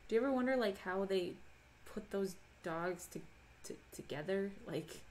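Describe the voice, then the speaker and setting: A woman's voice: mid-range voice, moderate pace, darkish tone. A woman from Minnesota chatting casually on a crafting livestream, reading chat aloud and laughing often. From Minnesota, USA. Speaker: livestream host.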